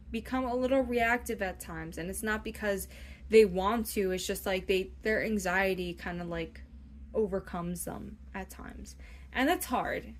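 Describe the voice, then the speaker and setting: A woman's voice: mid-range voice, a bit bright. A young woman giving a casual tarot reading, rambling and chatty, often checking in with "okay?" and acting out imagined inner voices. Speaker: tarot reader.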